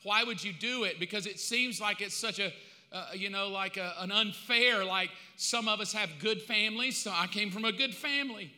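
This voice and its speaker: A man preaching a sermon as pastor, emphatic and conversational, swinging from loud to hushed. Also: high-pitched, normal speed. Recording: long hall reverb.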